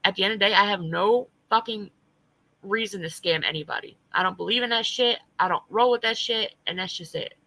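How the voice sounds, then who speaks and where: A woman's voice: mid-range voice, brisk, pushed and bright, dry recording, poor audio. A woman streamer ranting in blunt, profane, heated commentary to her live chat. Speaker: livestreamer.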